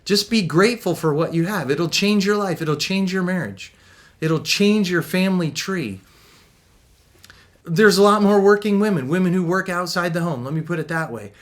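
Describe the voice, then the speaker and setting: Upbeat high-voiced middle-aged man. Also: moderate pace. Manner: energetic and upbeat, laughs often; acts out quoted voices. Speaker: Christian marriage coach. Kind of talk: motivational talk.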